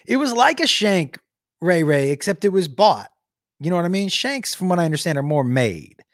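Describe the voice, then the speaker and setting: A man's voice: sits high, big pitch swings, moderate pace, no room sound, studio quality. A male comedian telling a profane, digressive story in a casual chat with viewers. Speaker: comedian and show host.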